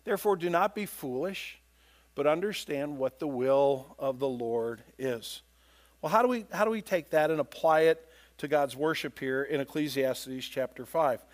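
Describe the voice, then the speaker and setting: A man's voice: on the high side, moderate pace. A man preaching a sermon, earnest, rising in force as he reads scripture aloud, often repeating words as he thinks. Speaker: pastor.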